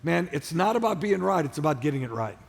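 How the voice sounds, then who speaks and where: A male pastor delivers an emphatic sermon in a large church auditorium, his voice high and gravelly. He drives his points home through repetition and shouted peaks, and keeps calling on the congregation to answer him. The long reverb of the hall hangs behind every line. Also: big pitch swings, quick pace. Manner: preaching with call-and-response to the congregation.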